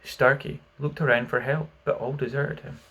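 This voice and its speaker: A man reading a children's classic aloud as an audiobook, telling the story expressively and dropping quiet for narration. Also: mid-range voice, level tone, moderate pace, slightly rough.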